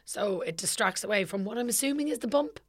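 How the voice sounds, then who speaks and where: Lively Irish woman, sweary and emphatic. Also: medium pitch, quick pace. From Ireland. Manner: swears a lot, animated and emphatic. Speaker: podcast co-host. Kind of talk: casual chat.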